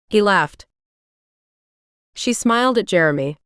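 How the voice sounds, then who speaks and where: A woman reading a first-person romance audiobook aloud in a steady, even way. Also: mid-range voice, moderate pace, clean tone, dry recording, studio quality. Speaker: audiobook narrator.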